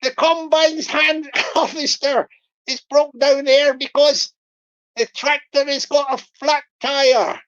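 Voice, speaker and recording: A woman doing a pushy, cajoling male scammer who keeps repeating his begging lines. The voice sits a bit higher and louder than her plain talk, with laughs slipping through. It comes over dull, lo-fi stream audio. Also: steady tone, drawn-out words, pauses often, exaggerated voice. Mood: wheedling.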